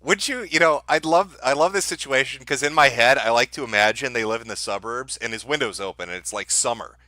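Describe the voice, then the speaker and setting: Sarcastic man mocking clips, bright dry voice. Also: mid-range voice, brisk, dry recording. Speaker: streamer commenting on clips. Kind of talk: mocking commentary.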